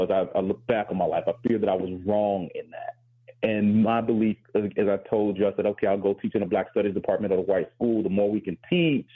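Earnest low-voiced male historian, tinny sound. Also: breathy edge. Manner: earnest and reflective, with repeated words and quick laughs. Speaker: host and historian. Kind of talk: casual radio talk. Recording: tinny phone-like broadcast.

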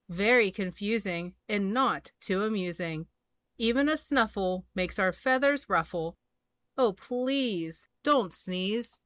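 A woman's voice: mid-range voice, a bit bright, dry recording. A woman voicing a flock of flustered birds in a storybook, complaining in fluttery rhyme.

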